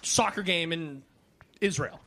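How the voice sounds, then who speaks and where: A man's voice: fairly high pitch, a little slow, crowd noise. A man in his twenties co-hosting a casual podcast, arguing his side bluntly and joking with friends. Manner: blunt, argumentative banter. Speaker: podcast co-host. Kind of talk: casual chat among friends.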